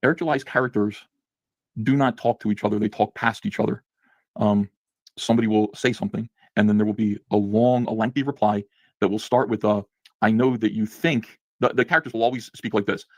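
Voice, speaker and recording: A man giving a sarcastic, indignant comic book review with rapid-fire commentary. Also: on the low side, fairly even intonation, dry recording.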